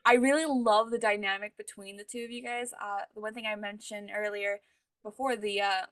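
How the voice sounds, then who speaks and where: A woman's voice: medium pitch, steady tone, moderate pace, dry recording. A woman interviewing a guest in a casual chat, eager and enthusiastic.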